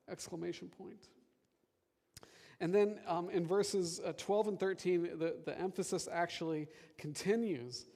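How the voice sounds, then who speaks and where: A man preaching a sermon as pastor, animated and chatty with the congregation. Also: high voice, measured pace, gravelly. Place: church hall. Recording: long reverb of a church hall.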